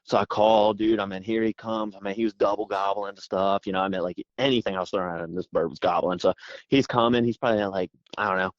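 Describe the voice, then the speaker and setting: A man guest telling a story with excited energy, rambling fast and saying "dude" constantly, calling in by phone. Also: lowish voice, no room sound. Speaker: podcast guest. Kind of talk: animated storytelling. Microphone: phone call. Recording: dull phone line.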